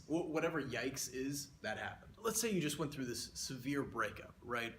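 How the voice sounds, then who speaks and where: A man's voice: mid-range voice, expressive, normal speed, fairly bright tone, slight background noise. Man joking through a mock lecture, roomy. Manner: playful, rambling, exaggerated asides. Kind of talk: comedic lecture sketch. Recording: roomy echo.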